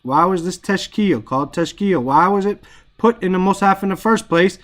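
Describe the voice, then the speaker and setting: A man with a fairly high voice leads an online Arabic grammar lesson, talking over a headset or computer mic. He explains casually in English, repeats short Arabic phrases and keeps checking in with his students by asking "right?". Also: normal speed, a bit bright. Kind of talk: online Quran grammar class.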